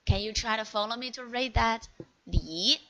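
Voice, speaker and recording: A woman whose first language is Chinese, teaching an online one-on-one lesson in English, slow and encouraging, praising often and modelling each word clearly. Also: fairly high pitch, level tone, fairly bright tone, low-quality recording. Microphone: video call.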